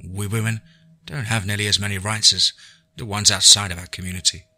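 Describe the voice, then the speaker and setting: A man's voice: lowish voice, steady tone, a little fast, pushed and bright. Man doing a weary sighing werewolf woman. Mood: resigned. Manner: sighing, resigned. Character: weary female werewolf elder, resigned and tired.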